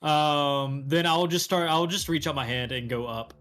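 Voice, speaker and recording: A man playing a tabletop game, describing his moves in a relaxed, halting way. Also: fairly high pitch, faint music behind. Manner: relaxed, hesitant, lots of fillers. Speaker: player. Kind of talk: casual tabletop game play.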